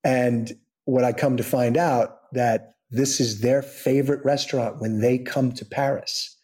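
A middle-aged man tells showbiz stories in a relaxed, chatty way. He jumps into high, excited voices when he quotes other people. His own voice sits at an ordinary, mid-range pitch. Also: unhurried. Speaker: soap opera actor guest. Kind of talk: casual anecdote telling.

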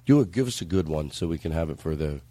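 A man's voice: a bass voice, expressive, fast, warm tone, no echo. A man hosting a podcast in casual comedic banter, joking and profane with a rambling manner. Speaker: podcast host.

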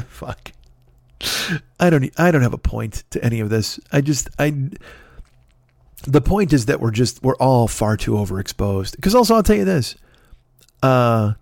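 A man's voice: medium pitch, gravelly, a little mellow, dry recording, clean studio sound. Profane ranting male podcast host. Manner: ranting, sarcastic, acts out voices of others. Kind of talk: profane comedic monologue.

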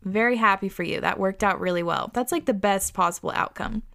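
A woman podcast host reading listener stories aloud and reacting casually, animated and expressive, laughing often and swearing. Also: medium pitch, a little fast, gravelly, faint music behind.

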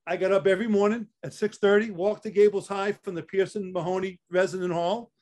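A man's voice: high-pitched, steady tone, a little fast, darkish tone. Chatty older New York man. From Staten Island, New York. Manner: chatty, repeats words while telling stories. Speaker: interview guest, athletic trainer. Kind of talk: casual storytelling interview.

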